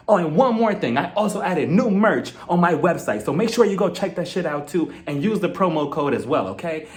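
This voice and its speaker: A man voicing a frantic woman who rambles on, promoting her merchandise and repeatedly announcing that she's leaving. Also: fairly high pitch.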